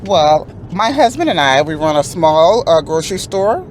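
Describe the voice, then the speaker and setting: A woman's voice: low voice, big pitch swings, normal speed, a little hiss or hum. A woman in her forties from Florida, a guest speaking in a composed, articulate way inside a car. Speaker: guest, mother of a football player.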